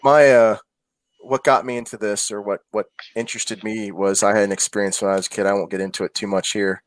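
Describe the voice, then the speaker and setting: Low-voiced man in earnest chat. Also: little pitch movement, fairly quick, no room sound. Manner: earnest, hesitant personal storytelling. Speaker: podcast co-host. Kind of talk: casual chat. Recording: dry close sound.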